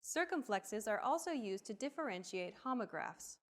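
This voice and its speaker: A woman giving scripted, explanatory narration in a language lesson, in an even delivery. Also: a little high, normal speed, faint music behind.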